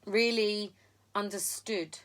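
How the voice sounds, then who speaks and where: Middle-aged woman, live-stream diarist, blunt and a little sweary, loose storytelling delivery at an ordinary pitch. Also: steady tone, slow pace. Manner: frank and sweary, talks in loose run-on sentences with many ums. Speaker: video diarist.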